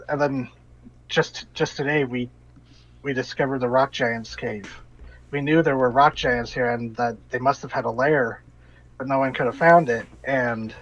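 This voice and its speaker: A man runs a tabletop game as game master, retelling a frightened character's account and often stopping to restart his sentences. His voice sits at an ordinary pitch and comes through a dull, lo-fi voice chat recording. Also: fairly bright tone. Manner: halting, restarts often while relaying an NPC's story.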